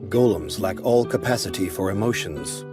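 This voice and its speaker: An actor playing an emotionless male golem lord who speaks calmly and formally. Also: deep voice, over music. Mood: flat. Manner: calm, measured, formal. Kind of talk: anime dub acting.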